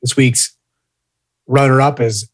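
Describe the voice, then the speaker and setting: A podcast co-host with a medium-pitched, steady voice speaks slowly, telling a story with plenty of swearing and reading listener posts aloud in a casual show. The audio is poor, though there's no echo.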